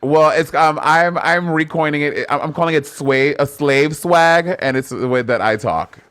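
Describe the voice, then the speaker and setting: A man's voice: fairly high pitch, moderate pace, fairly bright tone. A man co-hosting a podcast, playful, with hype-man announcing and casual banter. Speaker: podcast co-host. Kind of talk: casual chat.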